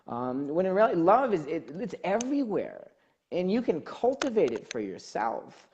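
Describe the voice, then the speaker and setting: A man hosts a casual podcast talk and speaks as a life coach. His pitch jumps around a lot while he rambles and restarts. The sound is dull and a little lo-fi. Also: normal speed, a little hiss or hum. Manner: animated, rambling, frequent fillers and restarts. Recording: dull lo-fi audio.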